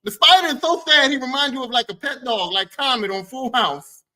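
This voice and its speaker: A man hosting a podcast, telling movie stories in an animated, profane, slangy way. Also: very high-pitched, a little fast, rough recording. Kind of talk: casual chat about movies.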